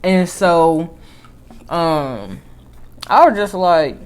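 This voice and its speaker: Chatty woman vlogger with a low voice. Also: extremely slow, clean tone. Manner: chatty storytelling with lively swings in pitch and volume. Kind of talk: casual chat.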